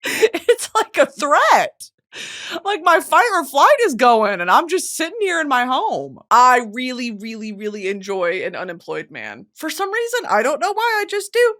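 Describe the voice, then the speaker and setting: A young American woman riffs through a comic podcast monologue with a bright, higher voice that swings wildly up and down. She swears freely and breaks into sudden yells and laughter. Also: normal speed. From United States. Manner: animated, swearing, bursts of yelling and laughter. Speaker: podcast host. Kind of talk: casual comedic monologue.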